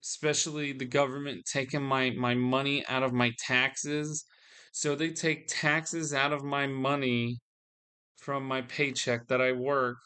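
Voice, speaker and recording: A man's voice: mid-range voice, little pitch movement, a little slow, pushed and bright, clear, resonant tone. A man venting to his audience in a solo video, weary and frustrated, often restarting his sentences. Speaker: vlogger.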